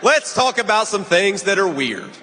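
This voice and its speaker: A man's voice: high voice, very animated, normal speed. A man giving an emphatic, mocking rally speech in a large arena, played back from a clip. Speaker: political speaker at a rally. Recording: played clip with loud crowd noise and long reverb.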